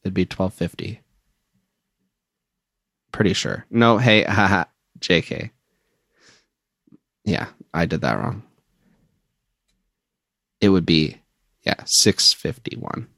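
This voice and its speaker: A man with a very deep voice co-hosting a casual podcast. He is easygoing and jokey and often stumbles over his words. The sound is dry and close. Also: slow, long pauses, a bit bright, no echo. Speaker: podcast co-host. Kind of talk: casual chat.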